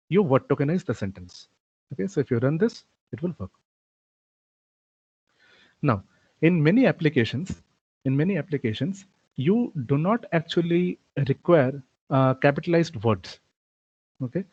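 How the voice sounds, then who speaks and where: A man's voice: a little high, a little mellow, no room sound. Man explaining code in a lecture. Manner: explanatory, frequent "okay" and "uh" fillers. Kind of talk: recorded coding lecture. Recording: dull, lo-fi dry recording.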